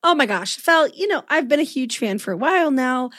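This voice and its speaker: A woman co-hosting a podcast in casual chat, gushing and joking, with a slightly husky voice. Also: high-pitched, animated, brisk, a bit bright, no echo, clean studio sound. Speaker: podcast co-host.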